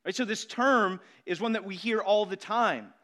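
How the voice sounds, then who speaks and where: High-voiced preacher man, emphatic and repetitive. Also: bright, forceful tone. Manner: emphatic, repeats key words, slows down to stress points. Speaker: pastor. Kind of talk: sermon.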